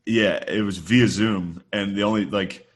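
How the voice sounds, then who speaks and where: A man's voice: on the low side, steady tone, unhurried. A man in his thirties co-hosting a comedy podcast, telling loose, profane stories and laughing as he goes. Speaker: podcast co-host. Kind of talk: casual comedic chat.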